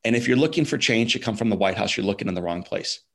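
A man's voice: on the low side, lively intonation, fast, vocal fry, fairly bright tone. A man guest on a podcast, telling a personal story in a casual, emphatic way, dropping "like", "man" and "dude" and sometimes repeating words. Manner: repeats words when emotional.

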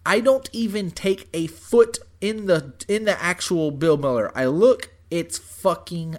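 A young man telling a story in casual chat, animated and profane, saying "dude" and "bro" constantly. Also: high-pitched, a little slow.

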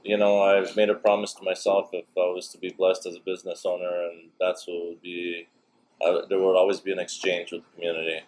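A man who owns a restaurant, talking as a guest in a casual chat, halting with many fillers. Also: sits low, level tone, a little mellow, slight background noise, poor audio.

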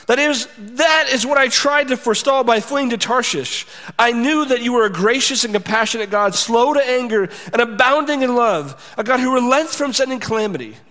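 Brief: pastor putting on a resentful old-testament prophet, high and whiny, echoing in a large room. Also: male voice, lively intonation, normal speed, sharp tone, full character voice. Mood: exasperated. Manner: exasperated, accusing, high-pitched outbursts. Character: indignant male prophet, resentful and complaining. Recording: reverberant hall.

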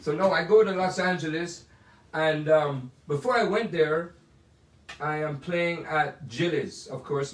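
A man's voice: a little high, moderate pace. Older jamaican guy telling long stories, wanders off on tangents, roomy sound, mic kinda far. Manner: rambling, anecdotal, digressive with asides. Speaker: jazz pianist telling stories. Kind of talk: casual storytelling.

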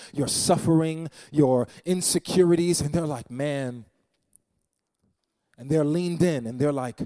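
A man's voice: on the high side, dark tone, dry recording. A man preaching a sermon as pastor, dramatic and repeating phrases for emphasis. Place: church.

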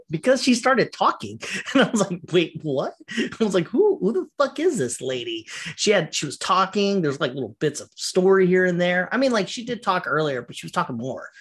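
A man talks on his own podcast in a loose, rambling rant, swearing freely. His voice sits a little high for a man. He laughs often and mocks characters in quoted voices. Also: very animated, normal speed, fairly bright tone, husky. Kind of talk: casual solo podcast rant.

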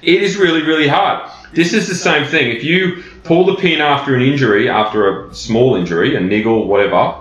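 A man's voice: medium pitch, a little fast, hardly any pauses, a bit bright. Blunt man, roomy lo-fi podcast. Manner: blunt, conversational, many fillers. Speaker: personal trainer and podcast host. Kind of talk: solo podcast monologue. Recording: roomy, dull lo-fi sound.

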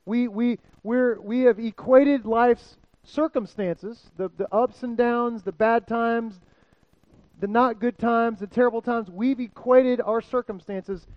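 A man's voice: sits high, no room sound, dull audio. A man preaching a sermon and calling out to his congregation for responses. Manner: energetic, calls out to the congregation. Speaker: pastor.

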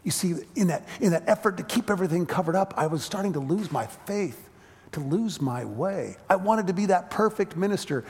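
Middle-aged pastor preaching in a reverberant church. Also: male voice, sits high, animated, brisk. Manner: dynamic preaching, swelling loud then dropping quiet. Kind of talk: sermon. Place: church sanctuary. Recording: long reverb of a church sanctuary.

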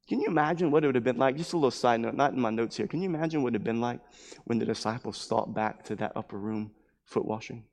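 A man's voice: mid-range voice, quick pace, creaky, darkish tone, long reverb tail. A man pastor preaching a sermon at a church service, emphatic and repetitive, building his points with mounting fervor.

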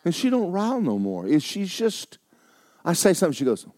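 An older man, preaching a sermon in a church. He moves between loud, urgent preaching and quiet, joking asides. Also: high voice, wildly swooping pitch, fairly quick, a little hiss or hum. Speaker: pastor. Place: church sanctuary.

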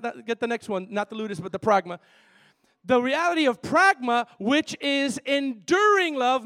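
A man preaching a sermon in an animated, playful way, moving between loud and soft. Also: very high-pitched. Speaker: pastor.

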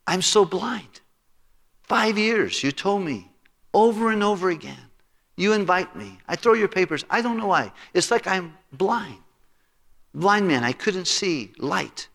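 A man's voice: sits high, expressive, a little slow, creaky, fairly bright tone, big-room sound, pitched above the performer's own voice, heavily acted. A man preaching, putting on the voice of a troubled middle-aged restaurant owner who pleads and repeats his lament. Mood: remorseful.

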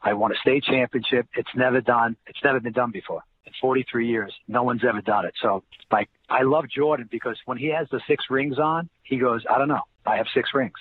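A man's voice: mid-range voice, a little fast, few pauses, slightly rough. Rambling New man on a tinny line. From New Jersey. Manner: rambling, repeats words, acts out quoted people. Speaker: interview guest, former basketball player. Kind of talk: casual storytelling. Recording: tinny phone-like line with faint noise.

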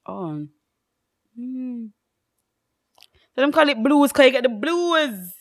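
A young woman, co-hosting a casual chat podcast and telling stories in an animated way, laughing often. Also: sits high, slow pace. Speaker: podcast co-host.

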